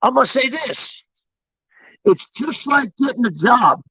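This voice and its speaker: A high-pitched man delivering a live-streamed motivational talk. He preaches with emphatic insistence and swears freely. The sound is dry, close and slightly dull, like lo-fi stream audio. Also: lively intonation, unhurried, sharp tone, slightly rough, no room sound. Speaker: motivational livestreamer.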